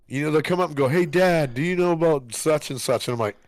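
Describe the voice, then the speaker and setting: A man's voice: a little high, fast. A man in his forties co-hosting a podcast, a father who talks bluntly and swears when exasperated. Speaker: podcast co-host. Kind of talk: casual chat.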